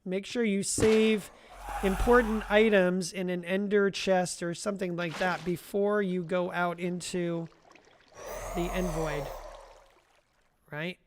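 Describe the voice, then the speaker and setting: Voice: medium pitch, steady tone, slow, background noise. Live-stream gamer, casual running commentary, talks to chat directly, laughs a lot. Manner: chatty, talks to chat viewers by name; rambling with frequent restarts and self-amused laughs. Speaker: livestreamer.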